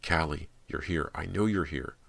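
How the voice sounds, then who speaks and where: Jumpy teen girl, eager and a bit breathy, deep-voiced guy reading her. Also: normal speed, fairly bright tone, exaggerated voice. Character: nervous teenage girl, earnest and jumpy.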